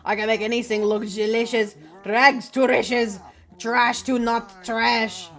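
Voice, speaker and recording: A brash, showy bartender and master chef, as a woman puts him on, loud and drawn out like an announcer. a video game character voiced on a live stream. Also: medium pitch, level tone, a little fast, natural voice. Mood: boastful.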